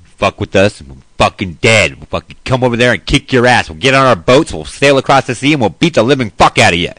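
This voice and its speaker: A man voicing a macho, foul-mouthed tough-guy president who blusters loud threats. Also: mid-range voice, a little fast, no echo, pitched above the performer's own voice, close to an everyday voice. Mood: threatening.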